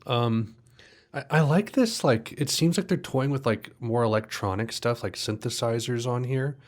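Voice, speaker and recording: A man's voice: medium pitch, normal speed. A man casually reacting to a music album, talking in a loose, rambling way and often correcting himself. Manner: rambling, relaxed, self-correcting. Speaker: music reviewer.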